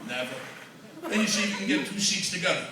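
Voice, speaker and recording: A man's voice: high voice, rapid-fire. A man doing a profane, self-mocking stand-up comedy set at an open mic. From New York. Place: comedy club open mic, large room. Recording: echoey room from far off with noise.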